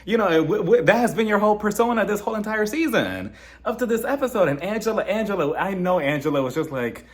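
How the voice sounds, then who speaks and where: A young man recapping a reality TV episode in a loose, chatty way. His pitch swings widely as he mocks the cast and slips into their voices, landing his jokes with a sarcastic, incredulous edge. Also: fast. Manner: animated, mocking, acts out cast members' lines in put-on voices. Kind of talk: casual recap commentary.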